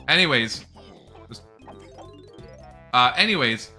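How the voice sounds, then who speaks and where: A man's voice: lowish voice, expressive, normal speed, bright, forceful tone, soft background music. A young man chatting casually on a live stream, rambling and laughing often.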